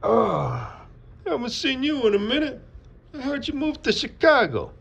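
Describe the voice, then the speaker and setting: A man voicing a high-pitched, exaggerated friend with a put-on New York-style voice, greeting in an overdone sing-song. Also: wildly swooping pitch, unhurried, vocal fry, fairly bright tone, slightly rough, heavily acted. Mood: gushing. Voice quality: high, strained falsetto-like.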